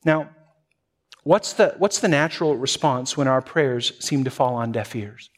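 A man's voice: medium pitch, expressive, a little slow. A man preaching a sermon in a conversational way, often restarting phrases and chuckling as he addresses the congregation. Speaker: pastor.

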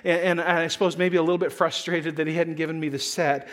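A pastor delivers a relaxed sermon in a notably high voice for a man. He tells stories like he is chatting with friends and pokes fun at himself along the way. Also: fairly quick. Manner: conversational storytelling, self-deprecating humor.

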